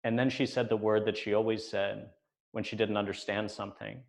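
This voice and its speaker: A man in his forties telling a personal story on stage, measured with deadpan asides. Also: fairly low pitch, vocal fry. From United States.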